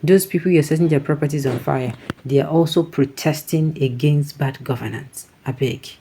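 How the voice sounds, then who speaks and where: A man's voice: on the high side, moderate pace, warm tone, a little hiss or hum. Nigerian man giving heated news commentary. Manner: reads viewer comments, switching to Pidgin asides.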